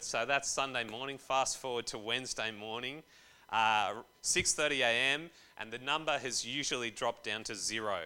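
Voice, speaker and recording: A man's voice: mid-range voice, sharp tone, clean tone. A young man giving a casual, jokey sermon to a church group, full of slang and asides.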